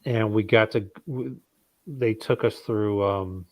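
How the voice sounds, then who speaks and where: A man with a fairly low voice tells a story in a loose, rambling way, full of ums and restarts. The sound is dry and close, with no room around it. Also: slow, no room sound, muffled recording. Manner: rambling, many fillers and restarts. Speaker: guest in a geek chat stream. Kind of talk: casual chat, storytelling.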